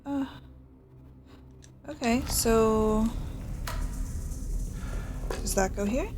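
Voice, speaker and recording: A woman with a fairly high voice gives casual let's-play commentary, chatty and dryly sarcastic, at times dropping to a whisper. A clear layer of noise sits behind her voice. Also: drawn-out words, darkish tone. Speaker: gaming streamer.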